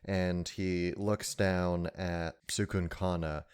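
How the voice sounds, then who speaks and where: Give me a deep-voiced man at a tabletop game, dry and understated. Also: flat delivery, slow, clean tone. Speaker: player. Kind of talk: casual tabletop role-play.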